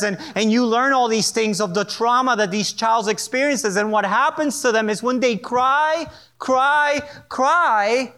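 Pastor, male, unusually high voice, earnest emphatic delivery with repetition. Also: bright, forceful tone. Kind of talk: sermon. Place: church sanctuary.

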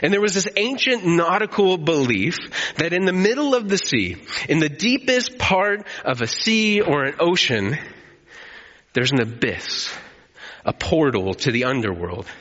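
A man preaching a sermon as pastor, telling the story with animated energy and calling on the congregation to respond. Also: on the high side, measured pace. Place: church hall. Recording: echoey hall, slightly dull.

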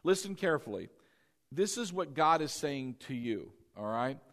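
A middle-aged man preaching a sermon as pastor, animated, asking the congregation rhetorical questions and acting out quoted lines. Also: medium pitch, normal speed.

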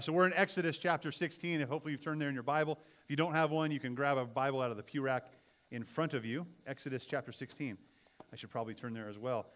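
A man preaching a sermon in a church, conversational, with many restarts and rhetorical questions. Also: fairly high pitch. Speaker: pastor. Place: church sanctuary.

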